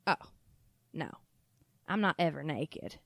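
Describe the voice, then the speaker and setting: A woman's voice: deep voice, expressive, slow, creaky, fairly bright tone, voice pushed down, full character voice. A woman putting on a Southern accent to voice her flustered, chatty middle-aged mother. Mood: defensive. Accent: Southern US, put on.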